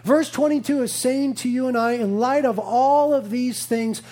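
A man's voice: extremely high pitch, moderate pace, warm tone. A man in his thirties, a pastor preaching a sermon, telling a family story with playful asides and earnest conviction.

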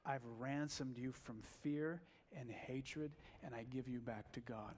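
A man playing a gentle, forgiving old bishop, speaking in a solemn, earnest way. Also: mid-range voice, unhurried, a little hiss or hum, natural voice.

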